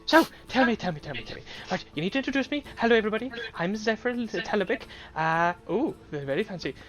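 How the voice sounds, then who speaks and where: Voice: medium pitch, animated, quick pace, soft background music, pitched above the performer's own voice, lightly acted. A game master voicing a fussy old woman baker who talks nonstop and gushes over guests. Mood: gushing. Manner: gushing, nonstop talking, fussing.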